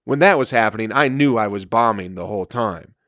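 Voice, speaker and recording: A man's voice: on the low side, a little fast, a bit bright, no room sound, clean studio sound. A man, a comedian and podcast host, telling a rambling, profane story in casual chat with frequent laughter.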